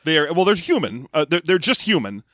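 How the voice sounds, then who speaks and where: A man co-hosting a podcast, recapping a book with joking, animated storytelling. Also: on the high side, fairly quick, dry recording, studio quality. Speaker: podcast co-host. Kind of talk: casual comedic book recap.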